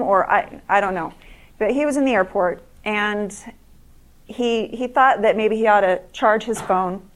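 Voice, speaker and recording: A middle-aged woman giving an earnest talk to an audience, telling true stories in a halting way with many restarts. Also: mid-range voice.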